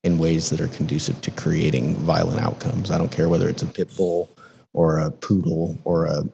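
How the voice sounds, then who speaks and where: A man being interviewed as a city council member, answering in a measured, earnest way. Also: a bass voice, little pitch movement, creaky, warm tone, lo-fi sound, slight background noise. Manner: measured, earnest, civic talking points.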